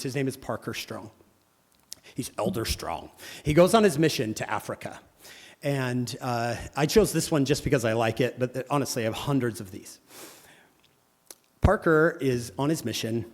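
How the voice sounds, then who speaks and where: Preaching to a congregation in a church hall, a man with a mid-range voice sounds like he is in a big room. His sermon is built on stories, and he animatedly voices the people he quotes.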